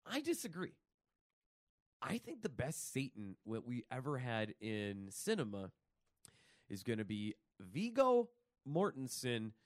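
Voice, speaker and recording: A man hosting a casual movie news show, excitable and rambling, with plenty of fillers and asides. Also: on the low side, no room sound, studio quality. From New York. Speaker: podcast host.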